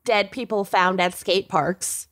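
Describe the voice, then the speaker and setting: A woman's voice: mid-range voice, steady tone, slow, a bit bright. A woman co-hosting a casual podcast. She reads the promos and chats in an upbeat, enthusiastic way. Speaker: podcast co-host.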